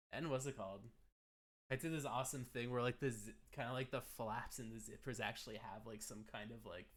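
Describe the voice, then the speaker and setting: A man at a middle pitch chats casually on a livestream, rambling along and often searching for the word he wants. His talk is loose and unscripted, full of fillers and restarts. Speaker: streamer.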